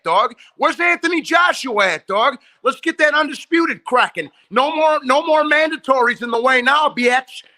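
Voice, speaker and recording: A man's voice: very high voice, bright, forceful tone. A man co-hosting a sports talk show, trash-talking boxers in profane, mocking banter and slipping into joke voices.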